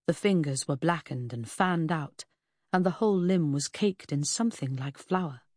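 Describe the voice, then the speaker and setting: A woman narrating a novel in the first person, in a measured reading that slows on grim details. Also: low-pitched, animated, darkish tone, dry recording, studio quality. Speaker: audiobook narrator.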